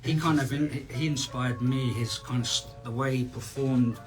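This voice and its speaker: A man from Scotland with a Scottish accent, telling stories in a relaxed, casual chat as a guest on a live signing stream, often restarting his sentences. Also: medium pitch, moderate pace, faint music behind. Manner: relaxed storyteller, trailing restarts. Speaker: celebrity guest.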